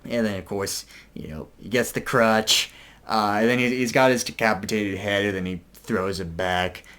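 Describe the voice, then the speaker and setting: A man's voice: on the low side, fairly even intonation, moderate pace, fairly bright tone, clear, resonant tone. Rambling young man reviewing a concert. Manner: rambling, filler-heavy chat. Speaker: video reviewer. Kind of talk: casual concert review vlog.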